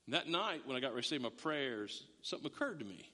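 Animated male pastor in a reverberant church. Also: mid-range voice, fast. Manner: animated, acts out voices, frequent restarts. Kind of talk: sermon. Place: church sanctuary. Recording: long reverb of a church hall.

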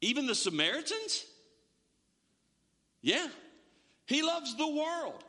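High, bright-voiced male preacher. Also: sing-song, slow, big-room sound. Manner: emphatic, repeats words when building a point. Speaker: pastor. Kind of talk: sermon.

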